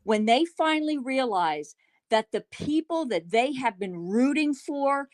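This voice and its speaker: A woman speaking on a panel chat in a slightly high voice. She presses her points hard and repeats words for stress. The sound is dry and close. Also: lively intonation, measured pace, no room sound.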